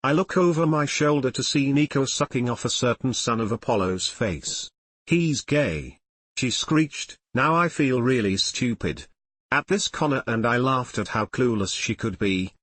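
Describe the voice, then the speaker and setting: A man's voice: mid-range voice, moderate pace, a bit bright, no echo. Man reading a story in a dry voice. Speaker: reader of fan fiction. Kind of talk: audiobook-style story reading.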